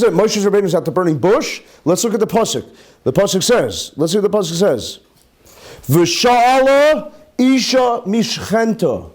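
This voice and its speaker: A man, a rabbi, teaching a lively Torah class to a live audience, firing off rhetorical questions and Hebrew terms. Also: high-pitched.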